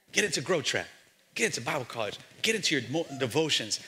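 Energetic preacher man, playful and fired up, bright edge, slightly high pitch. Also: quick pace. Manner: lively, joking, calls out to the congregation. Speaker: pastor. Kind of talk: energetic sermon. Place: church.

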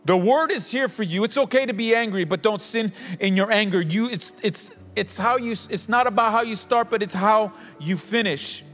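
High-voiced man preaching emphatically. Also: normal speed, hardly any pauses, fairly bright tone. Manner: emphatic, repeats phrases for impact. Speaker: co-host teaching on faith. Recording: long reverb with faint music behind.

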